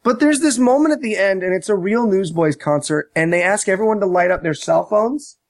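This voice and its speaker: Sarcastic high-voiced man ranting. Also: fairly quick, dry recording. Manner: sarcastic, profane, mocks quotes with shouted voices. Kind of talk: casual podcast movie rant.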